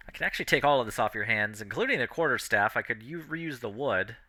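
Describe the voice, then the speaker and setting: A man's voice: mid-range voice, lively intonation, fast, sharp tone, no room sound. A man voicing an eager male merchant selling bows, salesy and keen to please.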